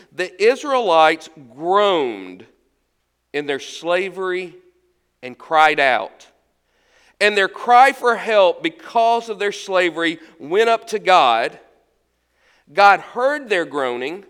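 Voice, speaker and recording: A man preaching a sermon as pastor, swinging between loud emphasis and hushed, quiet lines. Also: on the high side, clean tone.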